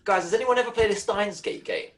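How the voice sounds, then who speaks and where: A man's voice: high-pitched, fast talker, poor audio. A British man co-hosting a casual gaming podcast, chatty and rambling, restarting his sentences often. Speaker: podcast co-host.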